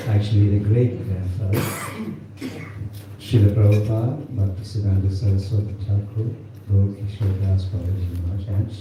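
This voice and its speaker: A man's voice: fairly low pitch, highs cut off, noisy background. A man hosting a gathering, introducing a guest speaker with many fillers and inviting people to sit closer. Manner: warm-up with fillers, coaxing the crowd forward. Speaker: event host introducing the guest. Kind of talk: formal introduction at a temple gathering. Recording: echoey hall, voice far from the mic.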